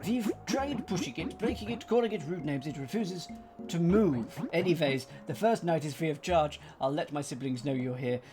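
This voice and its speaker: A man's voice: a little high, expressive, normal speed, music in the background, close to an everyday voice. A man voicing an eager young lava-lodge host in a game, using an odd put-on accent and polite hotelier patter. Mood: chirpy welcoming. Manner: overly polite hotelier patter, read with stumbles. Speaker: game character read aloud.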